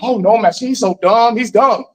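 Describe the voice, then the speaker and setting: A man's voice: high-pitched, moderate pace, pitched above the performer's own voice, close to an everyday voice. A man voicing a frightened enslaved mother who pleads urgently. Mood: pleading.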